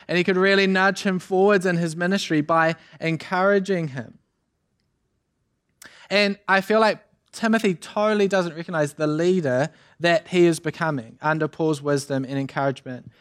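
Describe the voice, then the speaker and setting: A young man preaching a sermon as youth pastor, energetic and chatty with many asides and fillers. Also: a little high. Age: young adult.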